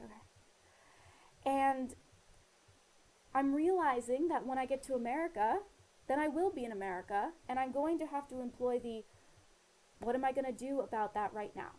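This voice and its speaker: With a high-pitched, warm voice, a woman speaks at normal speed with long pauses, though the audio is poor. She's a vlogger living in Australia, casually and earnestly offering personal advice to camera, rambling with many fillers and retold exchanges.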